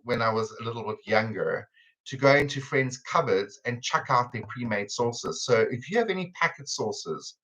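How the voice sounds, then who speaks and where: This South African man keeps up the chatty, teasing banter of his live cooking stream, laughing a lot as he talks casually. He sounds animated, with a medium pitch, normal speed and a sharp tone. His computer camera captures it as a rough recording.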